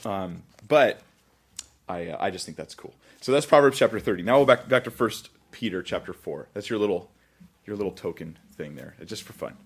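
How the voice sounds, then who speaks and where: A man's voice: on the low side, expressive, normal speed, breathy edge. A male pastor teaching scripture in a chatty, self-deprecating way, with frequent laughs. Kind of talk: conversational Bible teaching.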